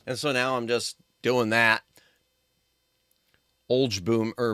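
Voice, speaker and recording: Male streamer, young adult, chatty and jokey, bright tone, faint game music under him. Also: medium pitch, unhurried. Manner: joking, chatty, reads chat aloud, yelps at deaths. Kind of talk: casual gaming stream chat.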